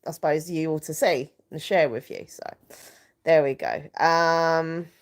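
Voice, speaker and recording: A woman's voice: sits low, fairly even intonation, measured pace. A woman in her thirties, hosting a casual live stream, chatting in a rambling way with many fillers and restarts while reading out viewer comments.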